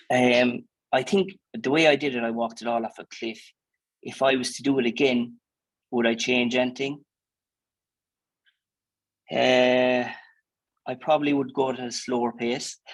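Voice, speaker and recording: A man's voice: mid-range voice, fairly even intonation, unhurried, long pauses, dry recording, poor audio. A man with an Irish accent, a dairy farmer answering interview questions in a chatty, plainspoken way, full of fillers and restarts. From Ireland.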